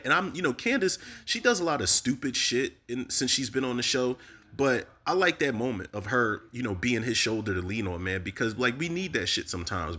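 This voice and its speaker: A man casually recapping a TV episode, animated and profane, talking straight to his viewers. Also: medium pitch. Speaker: TV recap host.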